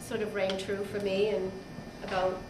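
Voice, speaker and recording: A middle-aged woman giving an informal birthday toast to her father, halting and giggling, with many fillers. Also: mid-range voice, monotone. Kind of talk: informal party speech. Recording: echoey hall, far mic, loud crowd noise.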